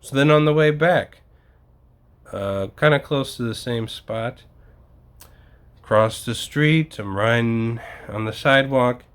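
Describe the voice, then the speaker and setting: A man's voice: medium pitch, slow pace, long pauses, a bit bright, clear, resonant tone. A young man telling stories in a casual vlog, ranting and swearing freely as he gets exasperated. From United States. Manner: profane, exasperated storytelling. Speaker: vlogger.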